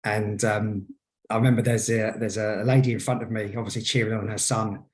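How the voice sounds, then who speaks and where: A hypnotherapist in his forties, appearing as a guest on a casual podcast, tells stories hesitantly, full of ums and restarts. His voice is on the low side and darkish, with a level tone and a slightly fast pace.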